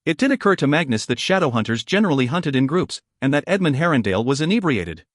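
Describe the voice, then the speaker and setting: Male audiobook narrator, slightly high voice, close dry sound, measured delivery. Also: sing-song, no echo. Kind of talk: scripted narration.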